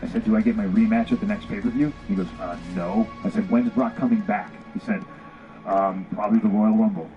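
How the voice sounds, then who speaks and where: A man's voice: lowish voice, steady tone, fairly quick, lo-fi sound, soft background music. A man telling a story bluntly with lots of swearing, acting out both sides of old conversations. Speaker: former pro wrestler telling a story. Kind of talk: casual candid storytelling.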